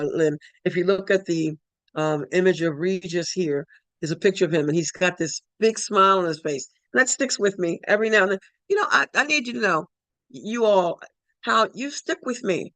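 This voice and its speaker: A woman's voice: on the low side, moderate pace, a bit bright, no echo. A woman leading a spiritual study group online, speaking in heartfelt reflection and often repeating her words and phrases. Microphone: online call.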